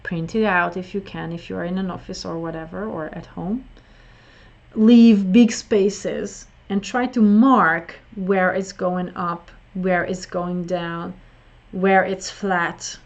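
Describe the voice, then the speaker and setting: A woman teaching an online English listening lesson, slow and explanatory, often repeating words for emphasis. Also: on the low side, fairly even intonation, vocal fry.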